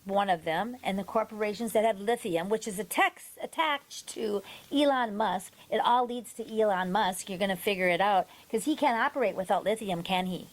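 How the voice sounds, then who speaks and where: A woman hosting a podcast, telling stories in a lively way and acting out the people she quotes. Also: medium pitch, moderate pace, few pauses, rough recording. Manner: animated storytelling, acts out quoted people. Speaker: podcast host. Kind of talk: casual podcast chat.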